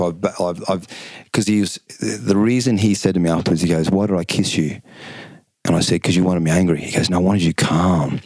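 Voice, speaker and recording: Guy, middle-aged, real low voice, chatty storyteller doing the dialogue himself, dry mic. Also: dry recording. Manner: animated storyteller, acts out quotes, laughs often. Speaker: guest, former kickboxing champion. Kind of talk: casual storytelling chat.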